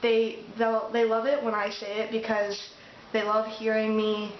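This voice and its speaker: A woman's voice: fairly high pitch, completely flat delivery, measured pace, a little hiss or hum. A young American woman telling stories in a rambling vlog, with many fillers and restarts. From United States. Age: young adult. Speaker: vlogger. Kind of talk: casual chat. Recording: echoey room, dull sound.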